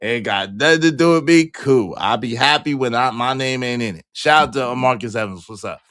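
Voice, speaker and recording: A man hosting a casual livestream, reading viewer comments and joking in repeated denials, jumping between loud high exclamations and low mutters. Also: moderate pace, no echo, studio quality. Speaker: livestream host.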